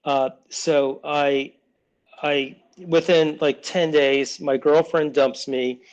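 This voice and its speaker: A man's voice: fairly high pitch, fairly even intonation, takes it slowly, poor audio. Rambling man telling stories in his 60s. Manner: rambling, many restarts, acts out family voices. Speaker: children's book author, guest. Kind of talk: casual interview talk.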